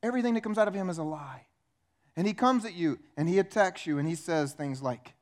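A man preaching a sermon, animated and emphatic, asking rhetorical questions of his congregation. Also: sits high, brisk. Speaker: pastor.

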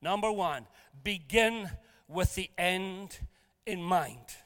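Slow-paced and high-voiced, a male pastor tells jokey stories in a sermon, shifting animatedly between loud and hushed moments. The recording carries the long reverb of the church hall he's in.

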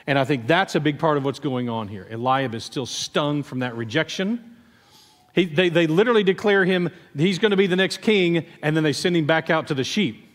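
Pastor, male, fairly high voice; conversational, animated sermon delivery; long church reverb. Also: fairly quick. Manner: conversational, animated storytelling with acted asides. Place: church sanctuary.

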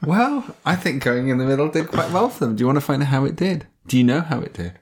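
Lively, teasing man podcast host. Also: mid-range voice, quick pace, a little hiss or hum. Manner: playful, teasing, laughs often. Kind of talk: casual chat.

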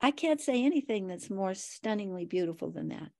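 A woman author as a guest, talking in a relaxed, friendly way during a video call interview. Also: medium pitch, fairly quick. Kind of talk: casual interview chat.

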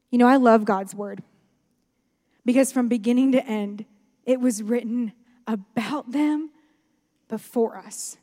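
A woman pastor preaching a sermon with impassioned delivery, moving between hushed passages and loud, emphatic ones. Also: on the high side, long reverb tail. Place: church sanctuary.

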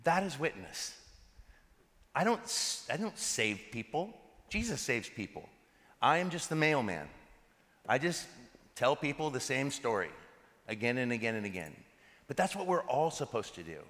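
A man preaching a sermon as pastor, a lively storyteller who acts out conversations. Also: medium pitch, normal speed, pauses often, big-room sound. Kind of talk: sermon with personal stories.

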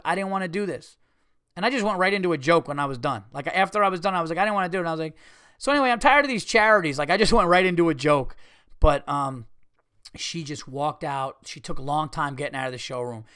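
A man's voice: a little high, no echo, studio quality. A man who does stand-up comedy, hosting his podcast and telling a story in a casual monologue, swearing freely and acting out the quotes in a raised voice. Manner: animated, profane, acts out quotes in a raised voice. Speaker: podcast host.

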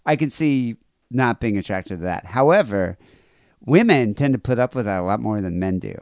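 A man's voice: lowish voice, animated, moderate pace, a little mellow, no room sound. A man hosting a podcast in casual chat, rambling and crude, reading listener emails aloud. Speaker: podcast host.

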